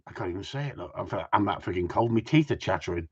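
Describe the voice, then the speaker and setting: A man's voice: lowish voice, expressive, fast talker, a little mellow, slightly rough. A man, a gundog trainer, chatting casually with viewers outdoors in the cold, reading their comments and joking as he rambles. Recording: muffled lo-fi sound.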